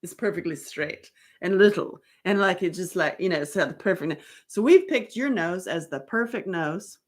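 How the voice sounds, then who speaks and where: A middle-aged woman telling a story in a casual monologue, animated and blunt, laughing often and swearing freely. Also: fairly low pitch, normal speed. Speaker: author and host.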